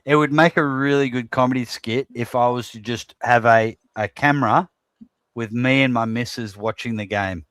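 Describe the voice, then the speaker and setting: Rambling man, smooth voice. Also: medium pitch, steady tone, moderate pace, fairly bright tone, no echo. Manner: rambling, lots of fillers. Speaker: football fan on a livestream. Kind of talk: casual chat.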